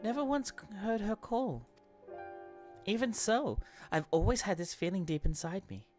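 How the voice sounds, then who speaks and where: A woman reading a gentle, anxious young oracle. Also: medium pitch, lively intonation, normal speed, faint music behind, pitched above the performer's own voice, natural voice.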